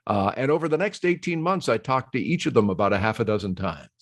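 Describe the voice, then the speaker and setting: An older man chatting as a guest in an easy, animated way, laughing readily and dropping into quoted voices as he tells his stories. His voice sits at an ordinary pitch and is recorded close and dry, with no room sound around it. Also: fast talker, dry recording. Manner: animated storyteller who slips into quoted voices; laughs easily. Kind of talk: casual conversation.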